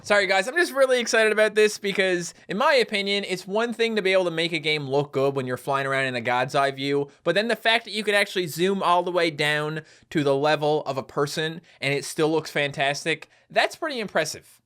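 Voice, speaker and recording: A young man giving excited, joking commentary over a video game, breaking into high-pitched outbursts. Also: a little fast, few pauses. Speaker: gaming YouTuber.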